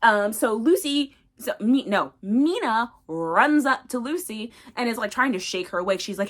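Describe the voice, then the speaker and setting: A woman's voice: fairly high pitch, lively intonation, normal speed, hardly any pauses, a bit bright. A young woman recapping a book casually, rambling with lots of fillers. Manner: rambling, filler-heavy, chatty. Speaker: book reviewer.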